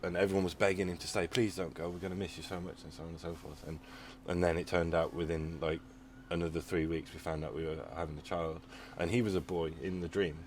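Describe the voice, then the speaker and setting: A man's voice: sits low, steady tone, fast, hardly any pauses, a little hiss or hum. A man hosting a podcast, talking in a rambling casual way with many restarts. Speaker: podcast host. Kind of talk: casual conversation.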